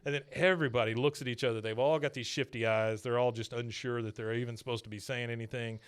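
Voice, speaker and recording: A man's voice: medium pitch, steady tone, fast talker, clear, resonant tone. A man hosting a podcast, recapping a cartoon episode in a casual, chuckling way. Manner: laid-back, chuckling storyteller. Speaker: podcast host.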